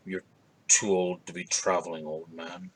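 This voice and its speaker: A man voicing an ancient, weary crowned man who speaks quietly and with resignation. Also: deep voice, flat delivery, normal speed, slight background noise, pitched below the performer's own voice, lightly acted, poor audio.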